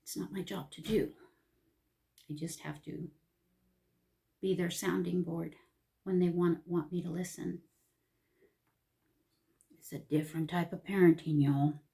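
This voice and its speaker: A middle-aged woman, chatting reflectively in a vlog, soft-spoken and heartfelt, often sinking to a near whisper. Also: lowish voice, steady tone, unhurried, creaky, pauses often. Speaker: vlogger. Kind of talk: casual reflective chat.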